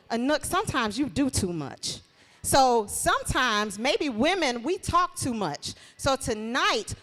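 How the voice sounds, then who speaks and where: A woman from Shreveport hosting a live event, sharing her testimony and rallying the crowd. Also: high voice. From Shreveport, Louisiana. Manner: warm preachy testimony, rallies the crowd. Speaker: show host. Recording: long hall reverb.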